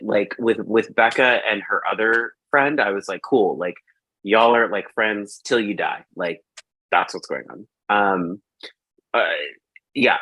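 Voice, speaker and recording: A man's voice: lowish voice, bright, forceful tone, dry recording. Rambling male host, dry sound. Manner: rambling, filler-heavy with lots of "like"; acts out his own reactions in quotes. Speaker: podcast host. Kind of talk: casual film review chat.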